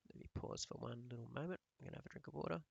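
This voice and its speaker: A male teacher reading a novel aloud to his pupils in a calm storytelling voice. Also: mid-range voice, rapid-fire, vocal fry, breathy edge, no echo, dull audio.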